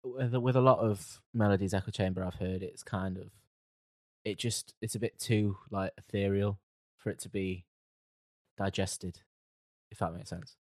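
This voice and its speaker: A man's voice: lowish voice, steady tone, normal speed, no room sound, studio quality. A man co-hosting a casual music chat, hesitant, often trailing off into mumbles. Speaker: podcast co-host reviewing music.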